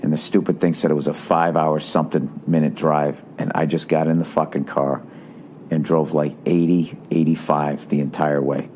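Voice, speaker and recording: A man's voice: rumbling low, level tone, moderate pace, darkish tone, a little hiss or hum. Profane man ranting through a story. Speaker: podcast host. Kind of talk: rambling comic storytelling.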